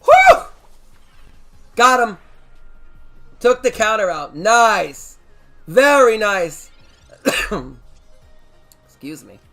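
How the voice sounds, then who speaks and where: Hyped up guy streaming a card game, big swings in pitch, bright voice, faint music behind. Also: very slow, long pauses. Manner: excitable, swears, shouts at wins. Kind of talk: live game stream commentary.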